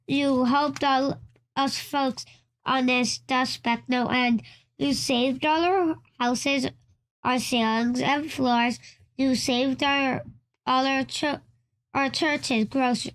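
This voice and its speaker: A woman's voice: high-pitched, fairly even intonation, slow, a bit bright. A woman voicing a tiny, friendly male town mayor in a read-aloud storybook, eager and grateful.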